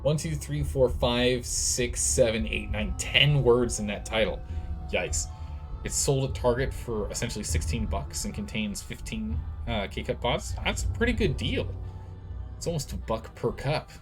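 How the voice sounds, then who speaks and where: A man's voice: mid-range voice, lively intonation, unhurried, faint music behind. A man streaming a video game, chatting casually with viewers and reading game text aloud. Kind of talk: casual let's-play chat with stream chat.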